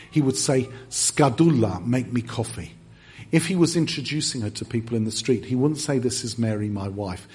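English man, sermon storytelling, animated delivery, faint church ambience. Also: mid-range voice, a little hiss or hum. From England. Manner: animated storyteller, acts out quoted lines. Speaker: guest preacher.

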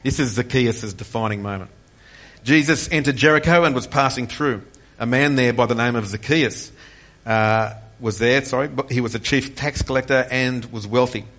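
A man's voice: mid-range voice, moderate pace. A man in his forties preaching a passionate sermon with personal testimony, rising in intensity on key points. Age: 40s. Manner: passionate, rising to near-shouts on key points, with frequent restarts. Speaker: pastor.

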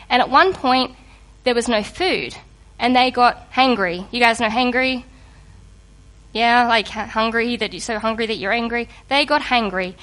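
A woman giving a sermon to a congregation in a lively, conversational and humorous way, just getting over a cold. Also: on the high side. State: recovering from a cold. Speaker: preacher.

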